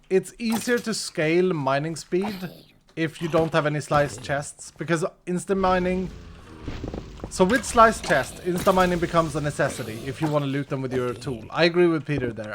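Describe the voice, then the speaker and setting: A man's voice: on the high side, noisy background. A man streaming a game live, thinking aloud and answering his chat in easy commentary. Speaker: streamer playing a modded block game.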